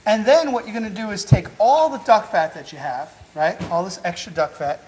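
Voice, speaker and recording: A man's voice: high-pitched, a little fast, darkish tone, a little hiss or hum, rough recording. A man hosting a cooking show, giving upbeat, chatty step-by-step instructions with an encouraging, teasing manner. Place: show kitchen at the stove.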